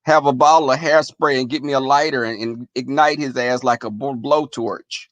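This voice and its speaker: On a live stream, a man casually tells his chat stories in a profane, animated way, often breaking into laughter. His voice sits mid-range at a normal speed, with no room sound.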